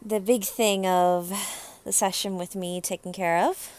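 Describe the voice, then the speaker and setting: A woman hosting a tabletop game stream, wrapping up with relaxed, easygoing announcements. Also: mid-range voice, unhurried. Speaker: stream host. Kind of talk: casual sign-off chat.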